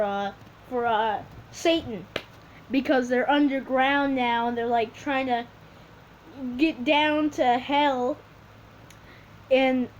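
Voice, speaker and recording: A woman making up a story as she draws, rambling and halting, with many restarts. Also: sits high, darkish tone. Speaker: video creator. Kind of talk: improvised storytelling while drawing. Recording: dull lo-fi recording with faint hiss.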